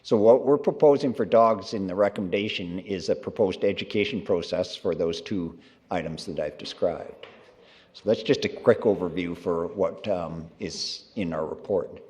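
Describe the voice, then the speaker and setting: A man's voice: low voice, normal speed, darkish tone. A man presenting a staff report to a city council, hesitant with many fillers and restarts. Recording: long reverb of council chamber.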